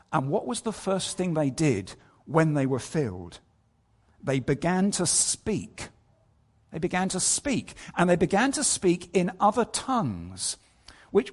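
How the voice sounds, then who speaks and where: A man preaching a sermon, telling a scripture story, reading verses aloud and asking his listeners rhetorical questions. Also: high-pitched. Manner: asks many rhetorical questions.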